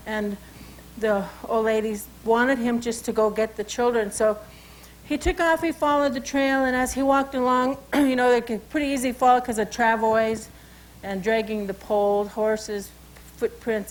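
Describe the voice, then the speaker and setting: Woman, Salish accent, cultural educator, informal storyteller, slightly high voice, faint background noise. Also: rough recording. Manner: informal, repeats "you know" and "okay". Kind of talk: oral storytelling and teaching.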